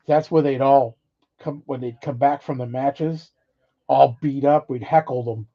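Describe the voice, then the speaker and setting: A middle-aged man casually rambling through old stories, swearing freely and laughing between them. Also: medium pitch. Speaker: vlogger. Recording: dull lo-fi audio.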